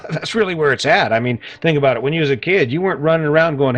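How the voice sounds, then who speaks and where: A man's voice: fairly high pitch, animated, quick pace, a bit bright, muffled recording, faint music behind. A man hosting a casual motivational podcast in a folksy, chatty way, often tagging his points with "right?". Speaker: podcast host. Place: lives in an RV.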